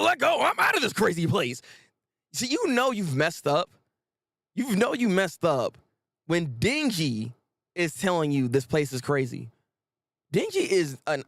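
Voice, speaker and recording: A man hosting a live manga reaction stream, talking in excitable, exclamatory, slang-filled rants. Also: on the high side, dry recording, clean studio sound.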